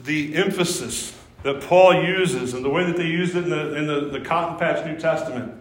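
A man's voice: on the high side, a little slow. A man preaching a sermon as pastor, emphatic and prone to restarting his words. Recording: roomy echo.

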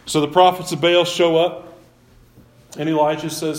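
Male preacher, slightly high voice, animated casual storytelling sermon. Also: normal speed, pauses often. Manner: lively storytelling, acting out biblical quotes; casual, conversational asides.

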